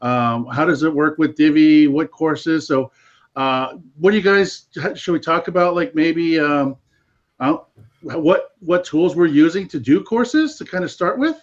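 A friendly man talks on a casual panel, searching for words with many fillers. His voice sits a little high. The audio is dull and lo-fi. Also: animated, unhurried. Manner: friendly, hesitant, laughing. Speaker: panel guest.

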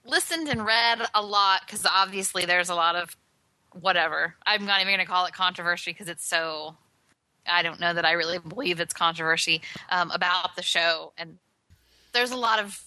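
Female podcast co-host, piercingly bright voice, halting, offhand delivery. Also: on the low side, no room sound. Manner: hesitant, many ums, shrugging asides. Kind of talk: casual chat.

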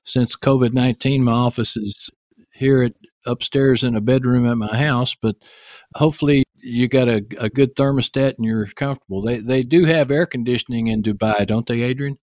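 Chatty Texan podcast host, dry sound. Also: male voice, medium pitch, fairly even intonation, normal speed, darkish tone, no echo. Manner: chatty, joking, rambling asides. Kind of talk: casual interview chat. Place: home office in an upstairs bedroom.

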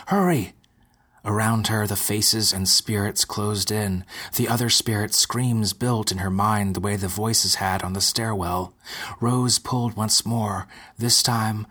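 Husky, deep male narrator, measured delivery, dark fiction audiobook. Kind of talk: scripted narration.

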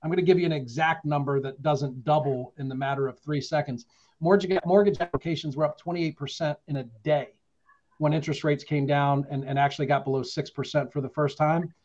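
A man argues in an animated, combative way on a real estate panel. His voice is fairly high. The sound is dull and lo-fi. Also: a little fast. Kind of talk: panel debate.

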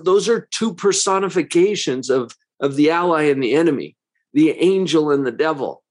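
A man who works as a psychologist giving a motivational talk, full of rhetorical questions, with a conversational and emphatic manner. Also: a little high.

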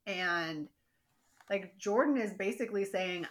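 Podcast co-host, woman, lively and worked up, acts out scenes while she recaps. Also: mid-range voice, a little slow. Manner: animated, exasperated, acts out characters' lines. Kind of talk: casual chat recap.

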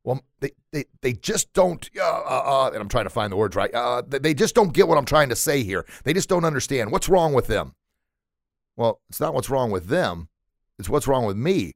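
A man's voice: medium pitch, expressive, normal speed, vocal fry, no echo, studio quality. A man and former teacher giving a casual motivational talk, earnestly repeating words as he searches for them and animatedly acting out how children react.

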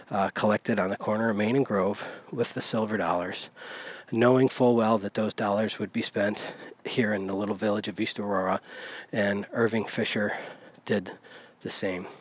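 On a handheld recorder with no room sound, a podcast host with a low-leaning voice delivers a casual monologue while walking outdoors down a village street. He rambles loosely, using many fillers and correcting himself.

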